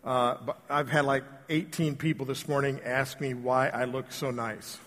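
A male pastor giving a relaxed, joking sermon full of personal stories, talking straight to the congregation. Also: medium pitch, normal speed, slight background noise. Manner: casual, joking, addresses the congregation directly. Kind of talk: conversational sermon with storytelling. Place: church sanctuary. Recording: long church reverb.

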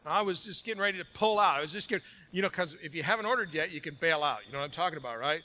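Pastor guy preaching, chatty and jokey, kinda high bright voice. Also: rapid-fire. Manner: energetic, conversational, jokey. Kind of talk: sermon. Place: large room with congregation.

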